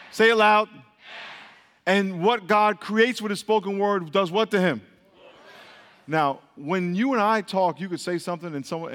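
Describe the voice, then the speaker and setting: A man preaching a sermon, leading the congregation in call-and-response with quick, repeated prompts. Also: high voice, a bit bright. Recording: long reverb of a hall.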